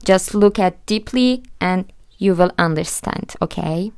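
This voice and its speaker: Woman teacher, low voice, unhurried, dry close sound. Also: a little mellow, smooth, no room sound. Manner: patient, spells out letters one by one. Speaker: language teacher. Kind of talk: slow explanatory lesson.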